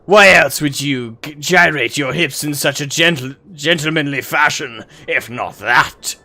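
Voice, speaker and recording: A man voicing a pompous, theatrical gentleman adventurer who speaks in grandiose, archaic phrases. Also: fairly high pitch, measured pace, full character voice.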